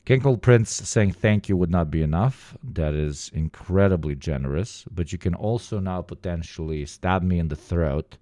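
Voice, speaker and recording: A young man rants crudely to his stream chat, mocking and joking as he goes. His voice sits low, and the sound is dry and close. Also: moderate pace, hardly any pauses, dark tone, no room sound. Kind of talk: casual profane stream commentary.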